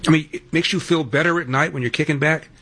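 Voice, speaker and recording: A male radio talk show host with a slightly husky voice. He reads appeals and phone numbers in a steady, firm delivery. With callers he turns emphatic and pointed. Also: on the high side, fast talker. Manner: emphatic, rising to exasperated lecturing at callers. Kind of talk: talk radio monologue and ad read.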